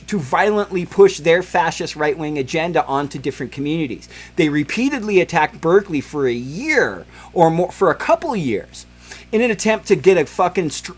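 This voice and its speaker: A heated, foul-mouthed man hosts a podcast with a somewhat high voice. He rambles through angry commentary, full of swearing and filler words. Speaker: podcast host.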